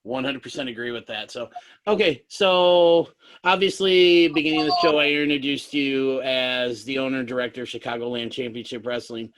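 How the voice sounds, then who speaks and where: A man hosts a casual interview and asks his guest questions at an easy pace, pausing on "um" as he goes. His voice sits at a middle pitch. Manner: relaxed questioning with hesitations. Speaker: podcast host.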